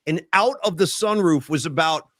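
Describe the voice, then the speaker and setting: Podcast host guy, fairly high voice, super animated, dry close mic, tells stories and does the yelling bits. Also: moderate pace, dry recording. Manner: animated storytelling, acts out yelling. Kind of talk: casual chat.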